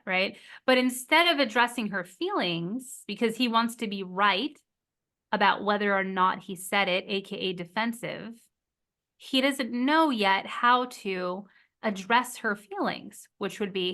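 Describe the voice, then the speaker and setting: A woman therapist explaining relationship skills in a podcast interview, animated and acting out quoted lines. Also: medium pitch, a little slow. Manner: animated, acts out quoted voices of clients. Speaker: marriage and family therapist guest.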